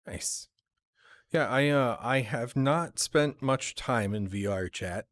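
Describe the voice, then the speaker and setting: A man's voice: medium pitch, takes it slowly, a bit bright, no room sound. A man hosting a casual chat, talking hesitantly with many fillers and restarts. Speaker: show host.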